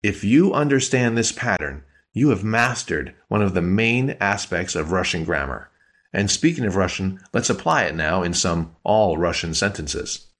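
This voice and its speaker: A man co-hosting a scripted podcast language lesson, calmly explaining grammar rules with examples. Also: sits low, moderate pace.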